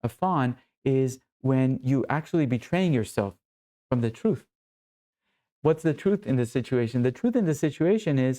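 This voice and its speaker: A man's voice: mid-range voice, lively intonation, normal speed, warm tone. A man coaching other men, talking earnestly and with emphasis in short phrases. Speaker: men's coach. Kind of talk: motivational teaching talk.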